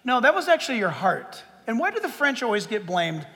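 Middle-aged male pastor, high bright voice, chatty joking sermon, long church reverb. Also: very animated, fairly quick. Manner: conversational, joking with the congregation. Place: church sanctuary.

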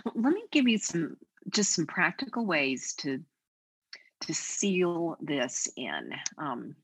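An older woman guest speaking on a faith podcast, telling stories in an animated, expressive way. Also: low-pitched, slow pace, slightly rough, dry recording, poor audio. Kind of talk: conversational podcast interview.

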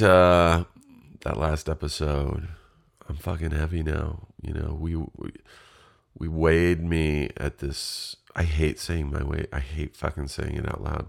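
This middle-aged podcast host talks alone, candid and self-deprecating, swearing casually. His voice rumbles low and creaks, and it sounds a little stuffy and congested.

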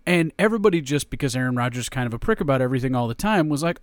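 A man's voice: medium pitch, rapid-fire, dry recording. A man co-hosting a casual sports chat, joking and swearing as he rants. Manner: profane, animated, jokey ranting. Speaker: podcast co-host.

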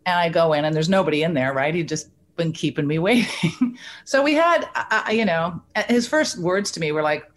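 A woman in her sixties from Canada, a guest telling lively stories and acting out the dialogue. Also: sits low, fairly quick. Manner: animated storyteller who acts out quoted dialogue. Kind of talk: casual storytelling interview.

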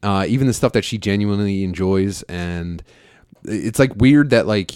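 A man in his thirties, a podcast co-host, talking in a casual, profane, rambling way with quick bursts of laughter. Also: on the low side, a little mellow, clear, resonant tone, no echo, studio quality. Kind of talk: casual chat.

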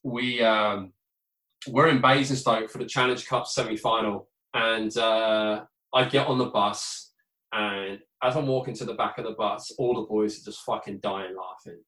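A man's voice: fairly low pitch, fairly even intonation, a little slow, sharp tone, echoey room, rough recording. A man telling sports anecdotes in a casual, swearing, laid-back way. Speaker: former ice hockey player, podcast guest. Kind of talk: casual storytelling chat.

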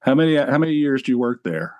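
A man's voice: mid-range voice, very animated, fast talker, a little mellow. Laid-back man hosting a podcast. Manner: laid-back, brief replies. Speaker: podcast host. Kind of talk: casual chat.

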